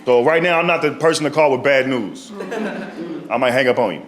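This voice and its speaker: A man's voice: medium pitch, a little fast, noisy background. A man doing a stand-up set on stage with a handheld mic, telling stories in loose slang and tossing in tag questions. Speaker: stand-up comedian. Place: comedy stage before a live audience. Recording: live audience laughter.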